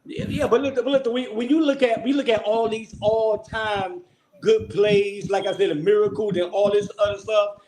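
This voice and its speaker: High-voiced hyped-up male fan host. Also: normal speed, poor audio. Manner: energetic, repeats calls like "hey, listen, man".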